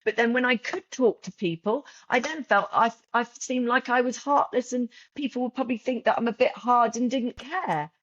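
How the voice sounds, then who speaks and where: With a fairly high pitch, she talks at normal speed with few pauses, a podcast guest and journal creator sharing openly and emotionally. Her heartfelt speech is full of restarts and repetitions in casual interview style. The recording is dry and muffled.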